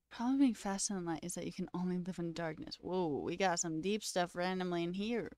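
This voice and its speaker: A woman's voice: on the low side, fairly quick, hardly any pauses, darkish tone, no room sound, clean studio sound. A woman hosting a livestream, chatting casually with viewers, giggly and now and then dropping into a whisper. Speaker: livestream host.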